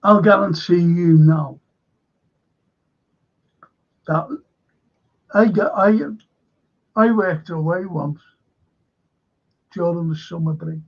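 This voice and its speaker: A man's voice: sits high, slow, pauses often, dull audio. An older man with a Liverpool accent hosting a livestream, chatting casually and rambling through anecdotes while reading out viewer comments. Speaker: livestream host.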